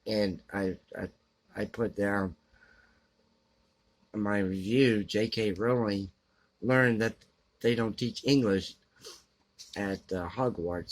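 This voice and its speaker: A man giving blunt, grumbling book opinions in a halting way, with lots of fillers and frequent throat clearing. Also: deep voice. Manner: grumbling, opinionated about books. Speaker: book vlogger answering a question tag. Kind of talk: casual unscripted talk to camera.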